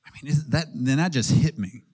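A man in his thirties preaching a sermon in an earnest, conversational way, asking his listeners questions and pausing with ums. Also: on the high side, dark tone, slightly rough.

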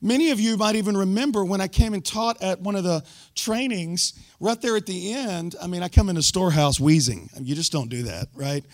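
A man giving a sermon testimony to a church group, telling his story with loud bursts and sudden hushed asides. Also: high-pitched, brisk, no echo, studio quality.

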